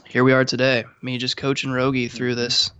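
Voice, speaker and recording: A young man co-hosting a casual podcast, cracking dry, deadpan jokes. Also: mid-range voice, moderate pace, smooth, dry recording, highs cut off. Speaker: podcast co-host. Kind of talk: casual comedic chat.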